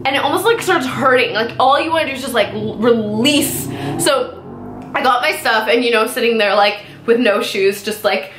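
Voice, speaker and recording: A woman's voice: on the high side, normal speed, noisy background. A young woman from Canada telling a casual storytime vlog, chatty and full of "like" fillers. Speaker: beauty vlogger. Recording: echoey room.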